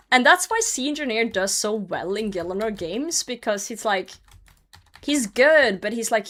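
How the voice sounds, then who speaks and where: A woman's voice: medium pitch, fairly bright tone. A woman streaming a game, chatting casually with her chat, teasing viewers, laughing often and swearing freely. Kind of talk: casual livestream chat while gaming.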